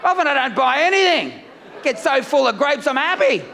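A middle-aged man from Melbourne with an Australian accent, doing a loud, rambling, self-mocking stand-up routine on a festival stage. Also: very high-pitched, big pitch swings, moderate pace, creaky, in a large hall, slight background noise. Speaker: stand-up comedian. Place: comedy festival stage with live audience.

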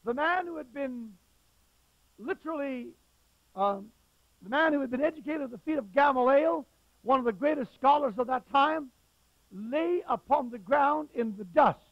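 Pastor guy preaching hard, really high voice, muffled old recording. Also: expressive, moderate pace, dry recording. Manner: emphatic preaching with sudden loud stresses. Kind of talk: sermon.

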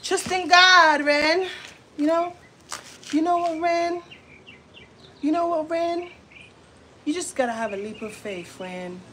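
Woman doing her preachy friend, soothing and unhurried. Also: very high-pitched, sharp tone, slight background noise, voice pushed up, exaggerated voice.

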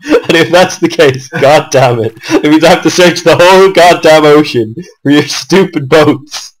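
A man's voice: on the high side, moderate pace, poor audio. A young man giving casual commentary on his own strategy game match, swearing often and venting at his opponent.

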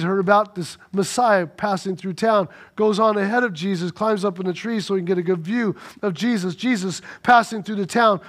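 A man preaching a sermon, retelling a story in an animated, conversational way. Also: high voice. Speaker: pastor.

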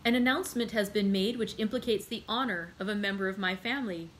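A woman's voice: medium pitch, quick pace, slight background noise, lightly acted. A woman reading the part of a proud young male viscount who speaks coldly and formally in a storybook reading. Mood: indignant. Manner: cold, formal, insistent.

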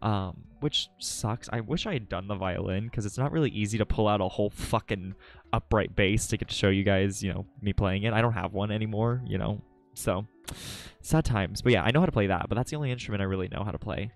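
A man live-streaming from his home setup on a desk mic, chatting casually with viewers, playful and swearing, often jumping into high squeals. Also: fairly quick, creaky, faint music behind. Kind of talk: casual chat reading out viewer messages. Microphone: desk microphone.

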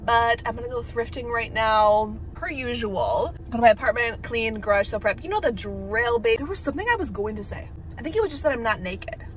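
A woman's voice: fairly high pitch, expressive, a little fast, a little hiss or hum, poor audio. A young woman vlogging in a bubbly, chatty way, filling her talk with "like". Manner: bubbly, chatty, heavy use of "like". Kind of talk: casual vlog chat.

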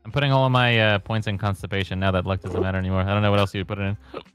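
A man's voice: lowish voice, steady tone, racing, music in the background. A young man chatting with friends while playing a game, laughing often and rambling with plenty of swearing. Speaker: fellow player. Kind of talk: casual gaming chat.

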